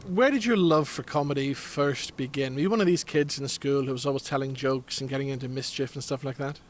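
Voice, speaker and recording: A man's voice: mid-range voice, brisk, slight background noise. A man hosting a TV show, introducing a guest and asking interview questions with a few hesitations. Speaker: TV show host. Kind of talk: broadcast interview.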